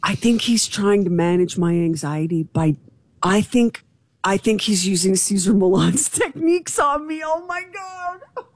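A woman co-hosting a podcast in casual chat, animated and rambling, joking at her own expense. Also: medium pitch, normal speed, dry recording. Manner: animated, rambling, self-deprecating. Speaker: podcast co-host.

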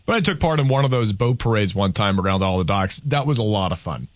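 A man's voice: fairly low pitch, lively intonation, quick pace, no room sound. Rambling male radio talk host. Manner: rambling, self-deprecating. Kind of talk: casual call-in radio chat. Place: radio studio. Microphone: studio mic.

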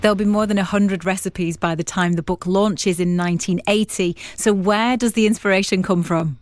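A woman presenter reads a scripted history documentary, crisp and lightly playful. Her voice sits at a middle pitch, with faint music underneath. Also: steady tone, normal speed. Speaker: radio presenter. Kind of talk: scripted narration. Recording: soft music beneath.

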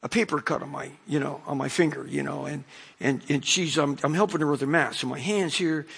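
Guy with a high voice reading scripture in a sermon, stops to explain bits. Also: brisk, gravelly, breathy edge. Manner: animated storyteller, acts out voices. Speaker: preacher.

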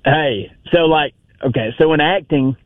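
A man's voice: a little high, a little slow, dry recording. A man calling into a radio show, chatting in a loose, filler-heavy way. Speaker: caller. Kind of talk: phone-in chat. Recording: dry tinny phone line.

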